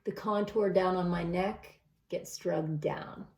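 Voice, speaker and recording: A woman's voice: fairly low pitch, steady tone, takes it slowly, darkish tone, a little hiss or hum. A middle-aged woman talking through a makeup tutorial step by step in a casual, chatty way. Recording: echoey room.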